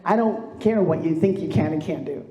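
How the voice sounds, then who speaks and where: Middle-aged female keynote speaker, animated storyteller, mellow tone, roomy echo. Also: low-pitched, normal speed, lo-fi sound. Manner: animated storytelling, acts out quoted voices. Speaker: motivational speaker. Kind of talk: motivational keynote speech. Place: stage in a large room.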